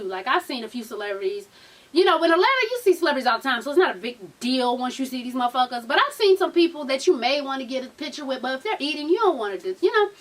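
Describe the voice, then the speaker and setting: Sassy high-voiced woman gossiping from across the room. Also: fairly bright tone, far from the mic. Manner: sassy, profane, drawls, quotes people in raised voices. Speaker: vlogger recapping a reality show. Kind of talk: casual gossip recap.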